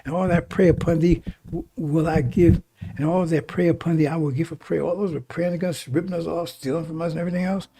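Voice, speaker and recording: A man's voice: a little high, fairly even intonation, quick pace, vocal fry, warm tone, a little hiss or hum. A man preaching a sermon, reading scripture aloud and then explaining it in casual talk, often asking "right?". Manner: reads verses then explains in casual speech, many restarts and "right?".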